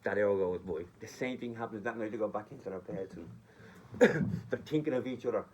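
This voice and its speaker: A man's voice: lowish voice, a little fast, darkish tone, highs cut off, slight background noise. A man telling a story in a chatty, rambling way, speaking directly to his listeners on a phone recording. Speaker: vlogger. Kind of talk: casual storytelling.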